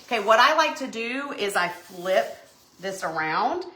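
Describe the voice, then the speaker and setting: Bright, chatty woman host. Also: mid-range voice, very animated, unhurried. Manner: chatty, laughs often, says y'all. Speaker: craft show host. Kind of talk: casual live craft chat. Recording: echoey room.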